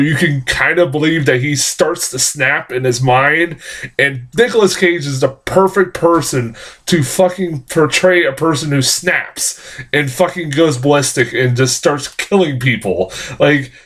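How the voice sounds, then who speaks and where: Excitable, swearing man reviewing a film. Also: on the high side. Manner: excitable, rambling, heavy swearing. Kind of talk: casual spoken film review.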